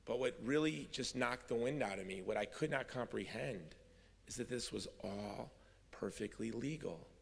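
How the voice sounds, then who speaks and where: In a large hall with long reverb, a middle-aged man gives a personal testimony speech at a convention. His mid-range voice is husky with vocal fry and a moderate pace, and his wry humour gradually turns earnest.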